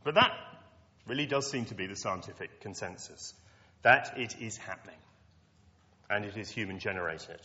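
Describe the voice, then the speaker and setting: Preacher with wry asides. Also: male voice, on the low side, normal speed, pauses often, bright, forceful tone. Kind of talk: lecture-style sermon to students. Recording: dull lo-fi recording in a reverberant hall.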